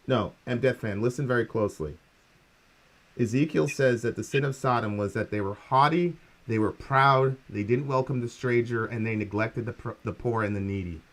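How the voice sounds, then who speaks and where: A middle-aged man calling in to a talk show, calmly insisting on his argument and pressing the host with questions. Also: mid-range voice, moderate pace. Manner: calm, insistent, probing questions. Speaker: caller. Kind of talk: call-in debate.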